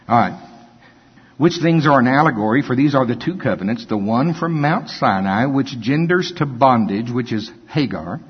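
An older man preaching a sermon, reading scripture and breaking into animated, folksy asides. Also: medium pitch, husky. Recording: dull lo-fi with long hall reverb.

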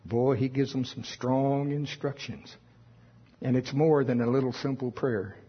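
A man's voice: mid-range voice, fairly even intonation, moderate pace, husky, dull audio. A man preaching a sermon with emphasis, reading scripture aloud in old wording. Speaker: pastor.

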